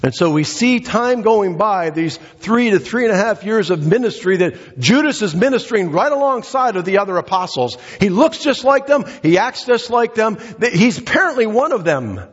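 A male pastor preaching a sermon, emphatic and repetitive, swinging his pitch up and down and short of breath. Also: lively intonation, normal speed, few pauses, slightly rough, long reverb tail, lo-fi sound. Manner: emphatic, repeats phrases, dramatic pitch swings. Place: church sanctuary.

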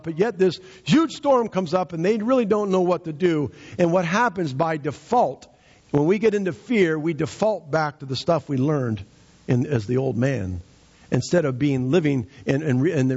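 A man's voice: fairly high pitch, darkish tone, breathy edge, dull audio. A man preaching a sermon with emphatic, rising and falling delivery.

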